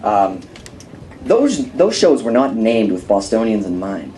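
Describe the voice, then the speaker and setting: Teen boy doing deadpan stand-up. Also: on the low side, measured pace. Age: teens. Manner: deadpan one-liners with some stammering. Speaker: stand-up comic. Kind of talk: stand-up comedy set. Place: comedy club stage. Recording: live club with loud crowd and noise.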